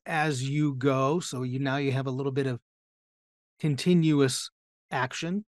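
A man's voice: mid-range voice, dry recording, clean studio sound. A man teaching a Bible lesson in an explanatory way, often putting rhetorical questions to his listeners. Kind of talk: teaching sermon.

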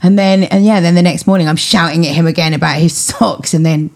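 A woman's voice: on the low side, fairly even intonation, fairly quick, gravelly, darkish tone. A woman chatting casually as a podcast host, candid and swearing, acting out scenes with her child. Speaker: single mother. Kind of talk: casual chat.

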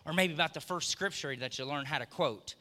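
A middle-aged man preaching a sermon in a church, telling family stories and building to excited emphasis. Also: a little high, a little fast. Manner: storytelling, rising to excited emphasis. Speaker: pastor. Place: church sanctuary. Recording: long church hall reverb.

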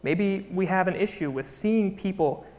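A man delivers a sermon in a conversational, animated storytelling manner, often turning to the congregation to draw them in. His voice sits slightly high for a man. The sound carries a long reverb, as from a church hall. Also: moderate pace. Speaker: preacher.

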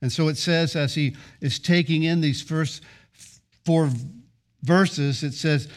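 A man's voice: on the high side, fairly even intonation, slow pace. A man preaching a sermon, building emphatic rhythmic lists of short phrases and often restarting his words as he presses a point. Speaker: pastor.

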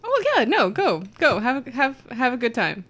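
A woman playing in a tabletop game, casual and lively, asking quick questions. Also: fairly high pitch. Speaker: player.

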